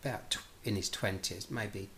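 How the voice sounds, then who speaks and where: With a fairly low pitch and a moderate pace, this middle-aged man recounts a personal story from his life. He animatedly voices both sides of each dialogue and restarts a lot, and there is slight hiss or hum audible.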